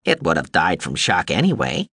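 A man's voice: deep voice, huge pitch swings, moderate pace, sharp tone, slightly rough, dry recording, clean studio sound, heavily acted. A man voicing an irascible, belligerent little military drone, speaking in a cool, clinical, matter-of-fact way. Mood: clinical, unbothered. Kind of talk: audiobook character voice.

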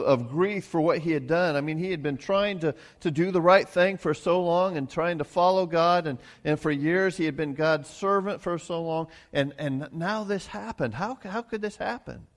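Halting, folksy man preaching a sermon. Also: fairly high pitch. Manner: halting, repeats words, folksy asides. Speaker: pastor.

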